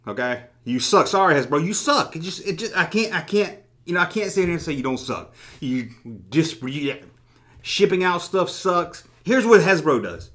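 Brief: sarcastic male vlogger, slightly high voice, very animated, swears a lot. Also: moderate pace. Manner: sarcastic, joking, swears freely. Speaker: toy collecting YouTuber. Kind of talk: casual vlog, reading comments.

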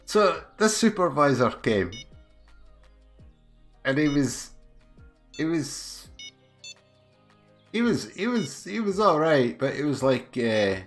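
A man's voice: medium pitch, expressive, takes it slowly, long pauses. A middle-aged Scottish man chatting with his live viewers as he streams a game, telling a story with laughter, swearing and restarts. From Scotland. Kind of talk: casual chat with live viewers. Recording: faint music behind.

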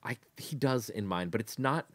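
A man's voice: medium pitch, moderate pace, no echo. A man co-hosting a casual book discussion podcast, blunt and sarcastic in a laid-back way. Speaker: podcast co-host.

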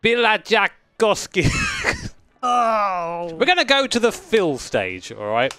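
Male sim racer, animated and bright-toned, chatty and sweary, laughs a lot during gameplay commentary. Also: very high voice, a little slow, dry recording, soft background music. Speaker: sim racing streamer.

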